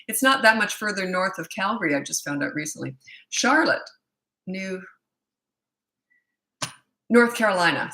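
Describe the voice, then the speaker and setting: A woman's voice: medium pitch, bright, forceful tone, roomy sound. An older woman from Canada, a parenting coach chatting casually on a livestream, self-mocking and laughing often. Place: at home in British Columbia.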